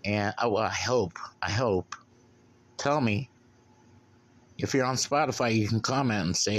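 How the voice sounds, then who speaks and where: A man's voice: fairly low pitch, unhurried, pauses often. A man hosting a podcast alone, rambling casually and bluntly with plenty of swearing while drinking beer. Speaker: podcast host.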